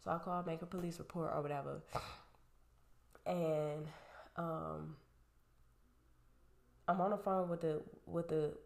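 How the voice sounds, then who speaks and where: A woman with a low, heavy voice tells a storytime straight to her viewers. She is animated and profane throughout. Her voice bounces around a roomy space. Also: a little slow, gravelly, pauses often. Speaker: vlogger. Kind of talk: storytime rant. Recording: roomy echo.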